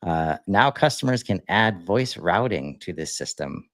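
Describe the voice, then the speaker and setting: A deep-voiced man co-hosts a podcast at a measured pace, with no echo. The talk is a relaxed, meandering casual chat, peppered with fillers and restarts.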